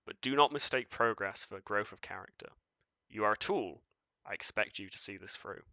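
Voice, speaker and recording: A man voicing a cold, commanding being of shifting light in a tabletop game, speaking in measured, formal pronouncements. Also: fairly low pitch, bright, forceful tone, dry recording. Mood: stern.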